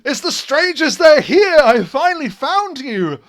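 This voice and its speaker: A man voicing an excitable male brigand hero in a tabletop game, shouting with joy at finding his friends. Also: extremely high pitch, a little slow, voice pushed up, heavily acted. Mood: elated.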